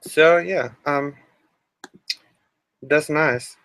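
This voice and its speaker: A man's voice: a little high, very slow, fairly bright tone, smooth. A man hosting a casual livestream, rambling and meandering, now and then humming a sing-song tune. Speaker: livestream host.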